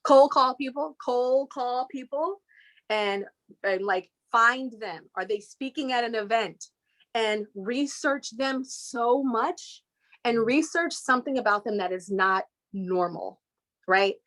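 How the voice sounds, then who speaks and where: A woman, an interview guest from California, telling stories with lively voice imitations and quick pitch jumps. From Inglewood, California. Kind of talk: animated storytelling.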